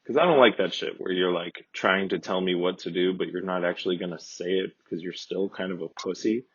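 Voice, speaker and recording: A man casually telling a rambling, profane, deadpan comedic story as a podcast host. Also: sits low, a little fast, breathy edge, dry recording. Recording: dull lo-fi dry recording.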